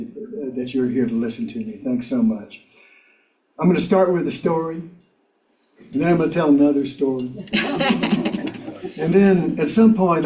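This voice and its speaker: An older man with a somewhat high, mellow voice tells stories in a wry, self-mocking way. He chuckles often and leans on fillers. His voice comes from some distance off the mic and echoes around a roomy meeting hall. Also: a little hiss or hum. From South Carolina, US. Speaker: guest speaker. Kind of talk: storytelling talk to a congregation.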